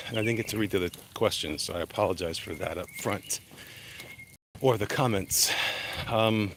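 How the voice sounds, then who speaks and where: A man's voice: lowish voice, a bit bright, a little hiss or hum. Breathless man livestreaming on a walk. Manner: reads chat names aloud, greets viewers, rambling. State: slightly out of breath from brisk walking. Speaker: comic artist livestreaming. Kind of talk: casual live-stream chat while walking. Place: outdoors walking through a neighborhood.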